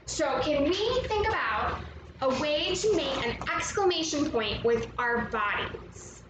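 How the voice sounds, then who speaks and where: Upbeat high-voiced woman leading kids' movement. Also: animated, measured pace, background noise. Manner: upbeat, encouraging, explains step by step. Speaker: movement teacher for children. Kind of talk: guided movement lesson for kids. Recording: echoey room, mic at a distance, music playing.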